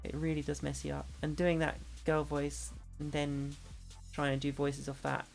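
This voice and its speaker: A woman's voice: deep voice, monotone, normal speed, gravelly, faint music behind. A woman streaming and chatting casually with viewers, rambling with lots of fillers and restarts. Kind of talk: casual chat with chat readers. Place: home streaming setup.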